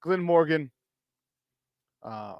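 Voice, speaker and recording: Man, sports talk host, former player, upbeat and chatty, laughs a lot, fairly high voice, dry close sound. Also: very slow, no echo, lo-fi sound. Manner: energetic and chatty, laughs often, hypes with "baby". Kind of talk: casual sports talk monologue.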